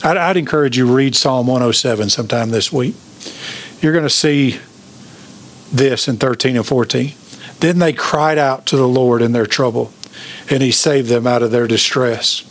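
Man, pastor, sermon, emphatic preaching, questions to the congregation, mid-pitched voice. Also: normal speed.

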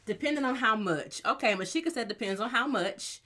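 A woman hosting a casual podcast from her home studio, chatty and lively, calling listeners honey and y'all. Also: on the high side, a little fast, few pauses. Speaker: podcast host.

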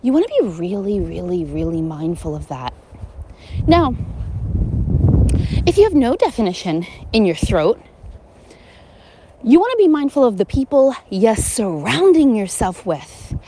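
A woman's voice: on the high side, warm tone, slight background noise, rough recording. A woman giving a casual motivational talk, earnest and emphatic, repeating words for stress.

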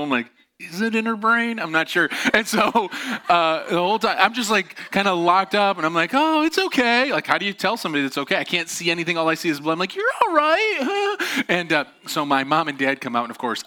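A man preaching a sermon as a pastor, telling a long personal story in an animated, self-mocking way and laughing often. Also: mid-range voice.

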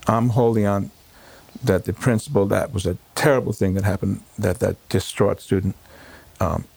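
Low gravelly rabbi recalling a hard day. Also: male voice, steady tone, a little mellow, no room sound. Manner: halting, full of fillers and restarts. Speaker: rabbi, interview guest. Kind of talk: emotional personal recollection. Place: home.

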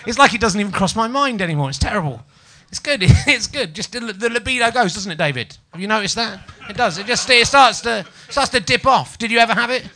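A man's voice: high-pitched, expressive, fast, few pauses, pushed and bright. A man in his forties from Yorkshire hosting a live comedy podcast in front of an audience, chatty and self-mocking, teasing people in the crowd. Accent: Yorkshire English. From Yorkshire, England. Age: 40s. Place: small live venue with audience.

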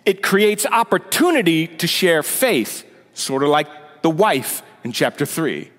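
A man's voice: a little high, sing-song, measured pace, a bit bright. A male senior pastor giving a conversational sermon with sarcastic asides, building to emphatic points. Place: church sanctuary. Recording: long reverb of a big hall.

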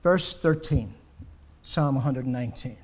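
A man delivers a sermon to his congregation, swelling to loud, forceful climaxes before sinking low again, and he keeps asking rhetorical questions. As he continues he runs short of breath. His voice is husky and his pace a little slow.

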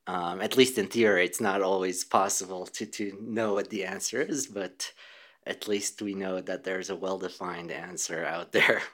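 A man's voice: sits low, fairly even intonation, moderate pace, a bit bright. A man, a physicist, answering interview questions thoughtfully, with small laughs and occasional restarts. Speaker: physicist and researcher.

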